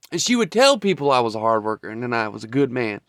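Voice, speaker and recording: A man's voice: medium pitch, big pitch swings, brisk, fairly bright tone, no echo, clean studio sound. A man giving a blunt, profane, heated monologue as a vlogger. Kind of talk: ranting monologue.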